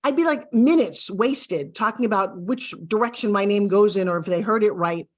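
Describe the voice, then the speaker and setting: A woman from the United States teaching an online lesson straight to the viewer, lively and coaching, often acting out little exchanges. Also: medium pitch, normal speed. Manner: animated, acts out little quoted exchanges. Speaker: course instructor. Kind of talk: direct-to-camera online lesson.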